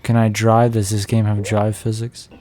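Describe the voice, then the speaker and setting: A young man with a low, mellow voice streams a game, giving live commentary at normal speed in a completely flat delivery. He chats, jokes, and talks to himself as he plays, with game music in the background.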